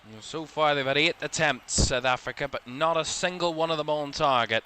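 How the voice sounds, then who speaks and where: A man giving relaxed live play-by-play commentary on a football match for a watchalong stream, chatty and a little drowsy, yawning now and then and correcting himself as he goes. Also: a little high, brisk, a little hiss or hum. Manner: relaxed, chatty, thinking aloud with small self-corrections.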